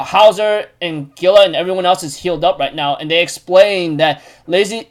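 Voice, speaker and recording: A man casually recapping a manga chapter, rambling with many fillers and restarts. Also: fairly high pitch.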